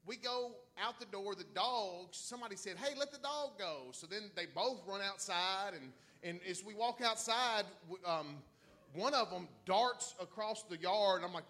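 Telling his congregation a story, a middle-aged pastor gets excitable, laughing and moving from hushed asides to loud shouting. He has a high-pitched voice and speaks a little slowly.

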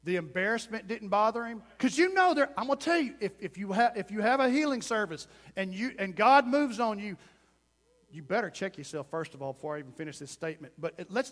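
A man preaches in a church, impassioned and swinging between loud emphasis and hushed asides. His voice sits unusually high for a man. A long hall echo follows each phrase. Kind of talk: sermon.

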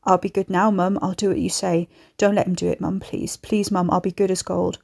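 A woman voicing a desperate young monster man who pleads and shouts at his parents. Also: lowish voice, little pitch movement, fairly quick, creaky, husky. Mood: begging.

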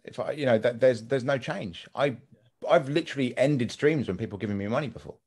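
A man, a streamer guest in a casual podcast conversation, talking in an animated way, swearing freely and restarting his sentences. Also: medium pitch, brisk, slightly rough.

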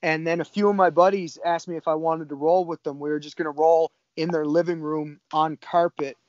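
A man's voice: on the high side, flat delivery, brisk, a little mellow, no room sound, lo-fi sound. A man in his thirties from Cape Breton, a jiu-jitsu coach talking in laid-back casual chat and swearing often. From Cape Breton, Canada. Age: 30s.

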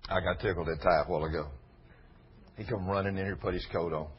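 A man preaching an informal Bible lesson, folksy, reading scripture slowly and with weight. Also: low voice, steady tone, husky. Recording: dull lo-fi sermon recording.

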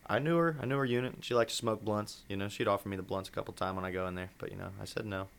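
Laid-back low-voiced man telling stories. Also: steady tone, very fast, vocal fry, clear, resonant tone. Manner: laid-back storyteller, swears freely. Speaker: podcast guest. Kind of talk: casual storytelling chat.

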